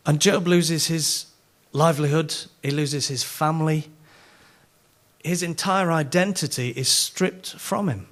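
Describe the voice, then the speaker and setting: A middle-aged man with a Yorkshire accent, giving a sermon as a conference speaker and telling self-mocking stories in an animated way. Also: a little high, normal speed. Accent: Yorkshire English.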